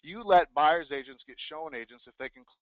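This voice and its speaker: Energetic man giving a sales talk, thin sound. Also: a little high, fairly quick, no echo. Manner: energetic, acts out sample phone scripts. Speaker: real estate team leader and speaker. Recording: dry, phone-like thin sound.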